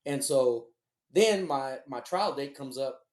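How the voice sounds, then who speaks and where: A man co-hosting a podcast, telling a personal story in casual, profane, animated chat. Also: mid-range voice, slow pace, reverberant. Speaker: podcast co-host.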